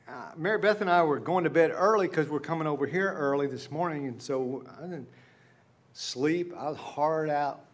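A middle-aged male pastor with a fairly high pitch preaches a sermon as a conversational story. His delivery moves between hushed asides and emphatic peaks.

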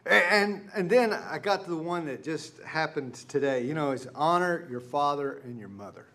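With a fairly high, animated voice at normal speed, this middle-aged pastor preaches in a conversational storytelling style. He drops into hushed asides, then builds to emphatic peaks.

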